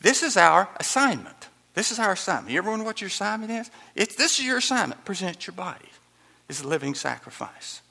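A man preaching a sermon as a pastor in a church sanctuary, animated, repeating key phrases for emphasis and chuckling as he goes. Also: high voice, quick pace, vocal fry. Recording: long hall reverb.

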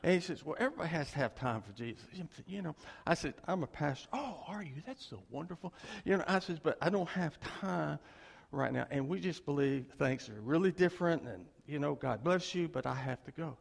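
A man's voice: a little high, very animated, normal speed, creaky, long reverb tail. A male pastor preaching a sermon, telling a story and acting out both sides of a conversation.

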